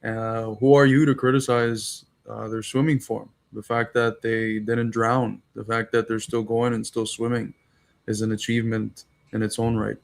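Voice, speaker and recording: A man co-hosting a podcast, teasing his friend in jokey, animated political chat. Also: on the low side, normal speed, vocal fry. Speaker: podcast co-host.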